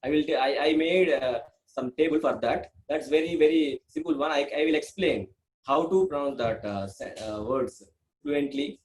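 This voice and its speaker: Indian man teaching beginners, lively pitch. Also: normal speed, rough recording. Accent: Indian English. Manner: repeats himself, many fillers, lively pitch swings. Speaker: language teacher. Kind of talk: online lesson for beginners.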